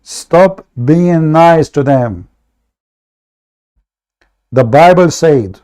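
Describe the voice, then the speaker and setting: A man's voice: on the high side, animated, extremely slow, pauses often, dark tone, clear, resonant tone. Combative man ranting on a livestream. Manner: aggressive, mocking, insulting. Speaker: livestream host. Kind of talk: heated livestream rant.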